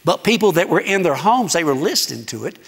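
A man preaching as a guest speaker, telling a story in an animated way and acting out the dialogue. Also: high voice, creaky, husky. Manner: animated, acts out dialogue, dramatic pauses. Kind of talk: sermon storytelling. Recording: echoey hall reverb.

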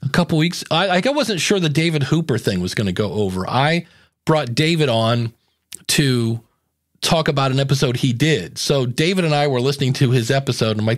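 A man hosting a casual podcast chat, telling stories in a lively way and acting out what people said. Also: medium pitch, fairly quick, no room sound, clean studio sound. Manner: lively storyteller who acts out quoted remarks. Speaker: podcast host.

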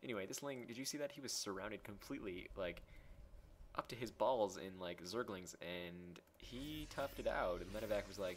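A young man casually commentating his own game replay, excitable and self-mocking, swearing as he goes. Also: low voice, normal speed, a little hiss or hum. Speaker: gameplay commentator.

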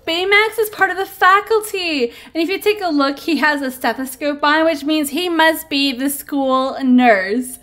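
A woman's voice: high voice, lively intonation, moderate pace, a bit bright. A woman hosting a casual toy unboxing, gushing and giggling over each cute figure.

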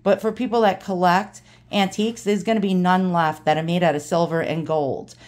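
A woman's voice: lowish voice, steady tone, normal speed, darkish tone, natural voice. A woman voicing a blunt, swearing male New Yorker of about eighty, with a New York accent. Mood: gruff. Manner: gruff, swears freely, tells it like it is.

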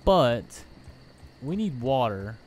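A man's voice: medium pitch, big pitch swings, slow, a little mellow, a little hiss or hum. A young man giving let's play commentary, easily startled and talking to himself as he plays. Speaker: gaming YouTuber.

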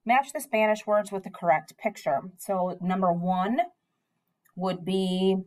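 Relaxed woman teaching a lesson. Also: medium pitch, unhurried. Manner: relaxed teacher talk with frequent ums. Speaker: Spanish teacher. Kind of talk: recorded classroom lesson.

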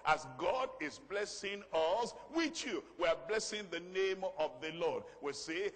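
A pastor preaching a sermon, emphatic, repeating key phrases and reading scripture slowly and loudly. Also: male voice, sits high, lively intonation. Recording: long reverb of a large hall.

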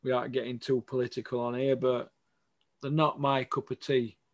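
A man hosting a show, giving a blunt, sweary opinion rant with loud outbursts. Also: mid-range voice, flat delivery, normal speed. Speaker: host.

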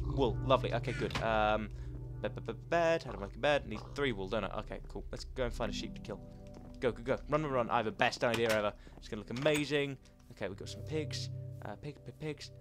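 A young man commenting as he plays a video game, chatty and excitable, talking to the animals in the game. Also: mid-range voice, fairly quick, music in the background. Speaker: gaming commentator. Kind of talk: playing a game with live commentary.

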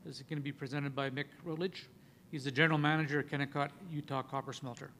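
A man chairing a conference session in a slightly raised pitch. He reads the speakers' introductions with small stumbles, over a faint background rumble. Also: steady tone, fast, a bit bright.

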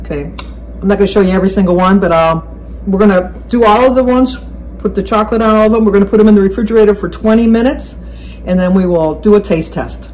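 A woman's voice: medium pitch, darkish tone, slight background noise, low-quality recording. A woman hosting a casual home cooking video, chatty and correcting herself mid-sentence as she explains each step in her kitchen. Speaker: cooking channel host.

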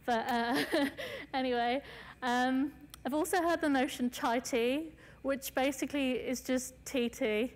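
A woman's voice: sits high, unhurried, in a large hall. A woman artist giving a casual lecture, chatty, with many fillers and light self-mocking asides.

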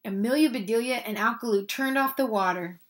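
A woman reading a children's picture book aloud, animated and expressive, speaking to young listeners. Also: fairly high pitch, brisk. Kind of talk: children's read-aloud narration.

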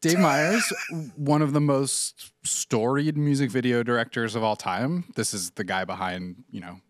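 A man's voice: medium pitch, steady tone, normal speed, no echo, studio quality. A man co-hosting a culture podcast, talking casually with frequent laughs and fillers. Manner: laughs often while describing, many fillers. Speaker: podcast co-host. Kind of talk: casual chat.

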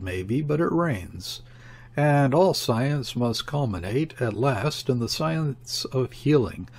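Gravelly, husky male voice, a man reading a mocking radical in an audiobook. He growls his retorts and sneers at his companion in a plain, grounded way. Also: medium pitch, a little mellow, full character voice. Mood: arguing. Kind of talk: audiobook character voice.

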